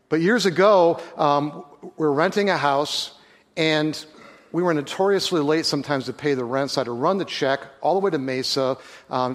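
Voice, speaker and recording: Earnest pastor preaching in a reverberant hall. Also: male voice, mid-range voice. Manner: storytelling, earnest, halting with restarts. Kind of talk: sermon.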